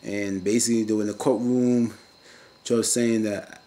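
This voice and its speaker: A man casually recapping a TV episode in a slangy, rambling way, breaking into loud, high-pitched rants now and then. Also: steady tone, normal speed. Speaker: TV recap vlogger.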